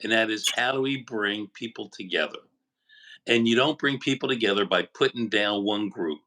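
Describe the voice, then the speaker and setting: A man speaking as a guest in a political chat, measured and a little hesitant. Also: fairly low pitch, bright, forceful tone, poor audio. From United States. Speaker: guest commentator.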